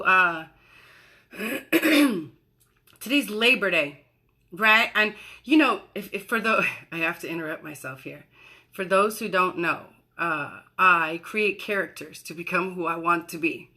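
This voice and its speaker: A woman's voice: fairly low pitch, bright, forceful tone. A woman in her forties hosting a casual chat, talking in a chatty, rambling way and interrupting herself. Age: 40s. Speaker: host.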